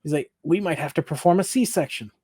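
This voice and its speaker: Man, podcast co-host, casual recap, mellow voice, a little high, dry close sound, laughs a lot. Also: husky, no echo. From Michigan. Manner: laughs often, acts out characters' lines in quick voices. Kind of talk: casual episode recap chat.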